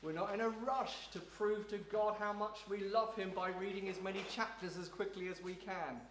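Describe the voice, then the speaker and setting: A man leading a congregation through a slow, prayerful devotional teaching in a church room, with repetitive phrasing. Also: high voice, fairly even intonation. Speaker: pastor leading a service. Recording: roomy echo, faint noise.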